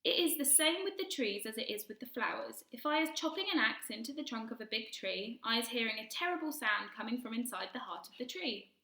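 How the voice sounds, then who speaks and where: A woman's voice: a little high, lively intonation, brisk, hardly any pauses, sharp tone, echoey room. A woman voicing a kindly male giant who mangles his grammar and invents words, reading a storybook aloud. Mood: solemn. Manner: jumbled grammar, twisty made-up words. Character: kindly big-eared male giant, gentle, earnest.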